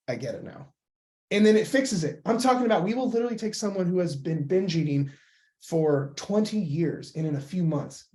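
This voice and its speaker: A man coaching on weight loss in a casual, blunt and profane way, with lively acted-out inner voices. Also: fairly high pitch.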